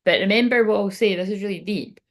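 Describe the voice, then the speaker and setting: A woman's voice: mid-range voice, quick pace. Woman doing a tarot reading, chatty and rambly, swears a lot. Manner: rambling, swears freely, digresses. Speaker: tarot reader.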